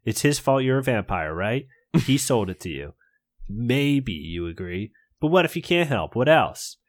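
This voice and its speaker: A man voicing a cautious boy sidekick in a read-aloud gamebook, low and measured. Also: big pitch swings. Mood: explaining.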